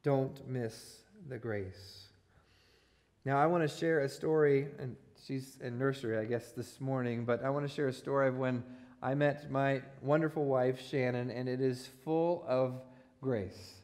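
A man in his forties, a pastor, preaches a sermon in a church sanctuary, laughing at his own self-deprecating jokes while telling a personal story. He speaks a little slowly, with a medium-pitched, darkish voice and fairly even intonation.

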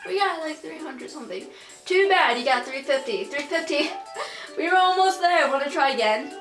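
A young woman doing casual, excitable commentary over her own gameplay, swearing and rambling. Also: sits high, moderate pace, recorded from a distance. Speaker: let's play gamer. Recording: roomy, off-mic, with game music. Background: video game music.

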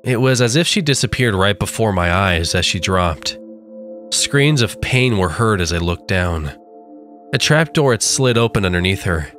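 A man reads a horror story aloud in a low, measured voice, taking his time over each line. A faint singing-bowl drone plays behind him. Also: lively intonation, a bit bright, faint music behind. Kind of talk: scripted horror narration.

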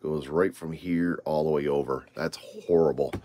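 A man's voice: very deep voice, steady tone, normal speed, dark tone. A man hosting a casual card-opening video, reading off names with rambling asides. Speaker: trading card channel host.

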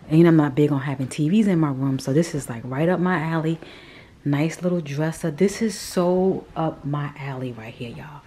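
A woman's voice: deep voice, normal speed, mellow. A woman chatting candidly and casually as she tours a model townhouse for her vlog, often dropping into a whisper. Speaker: vlogger. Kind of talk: casual chat while touring a model home.

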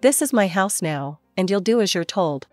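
A woman's voice: mid-range voice, animated, moderate pace, dry recording, faint music behind, close to an everyday voice. A woman narrator voicing a stern, cold middle-aged stepfather in a story.

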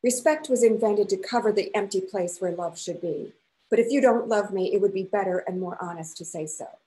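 A jealous, desperate young noblewoman flings heated accusations in a raised, mellow voice, as a woman reads her part aloud. She speaks as if wounded, pressing every line toward a quarrel. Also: medium pitch, a little fast, close to an everyday voice, rough recording. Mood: heated, accusing. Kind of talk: reading a novel aloud.

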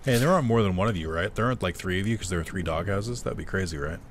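Talking very fast in a low-pitched voice, a male let's-play commentator laughs and chats through his game. He swears freely at whatever happens on screen, and the audio carries a faint hiss or hum.

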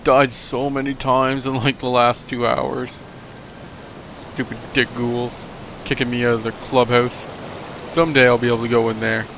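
A man's voice: mid-range voice, little pitch movement, normal speed. Young guy doing game commentary, cracking jokes at the monsters, some hiss behind his voice. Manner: joking, rambling, talks back at enemies. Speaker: let's play host. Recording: noisy home recording.

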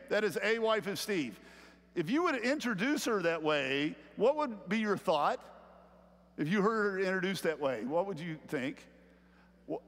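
A middle-aged man preaches in a church sanctuary, his voice sitting high for a man. He climbs louder on key lines and keeps checking in with "okay?". The sound carries a long reverberant tail from the hall. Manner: animated preaching, rising louder on key points, frequent "okay?" check-ins. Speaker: pastor. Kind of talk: sermon.

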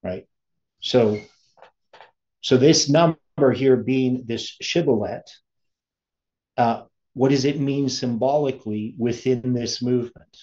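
A man giving an informal study lesson, thinking aloud with many pauses and restarts. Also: medium pitch, a little mellow. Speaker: teacher. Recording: dull lo-fi sound.

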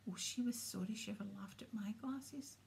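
A woman's voice: medium pitch, normal speed, gravelly, darkish tone, a little hiss or hum, lightly acted. A woman voicing a sulky, self-pitying teenage girl ghost in a storybook reading, moping and dramatic. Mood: relishing, dramatic.

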